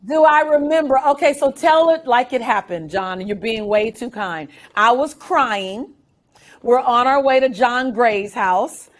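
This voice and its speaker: Woman guest chatting, tells stories w/ acted quotes, laughs a lot, voice on the higher side. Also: moderate pace, few pauses. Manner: animated storyteller, acts out quotes. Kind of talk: casual interview conversation.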